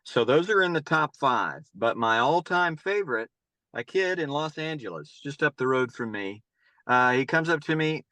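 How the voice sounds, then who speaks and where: A man's voice: mid-range voice, animated, normal speed, sharp tone, no room sound. A middle-aged man from North Carolina, a youth baseball coach, answering interview questions in long, rambling stories and often repeating his words. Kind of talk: casual interview storytelling.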